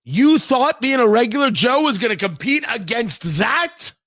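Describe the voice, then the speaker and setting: A man with a high, sharp, forceful voice delivers a sarcastic opinion monologue as a radio talk host. He sounds mocking and emphatic, and the studio sound is dry and close with no room echo. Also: big pitch swings, moderate pace. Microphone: studio microphone, live-streamed show.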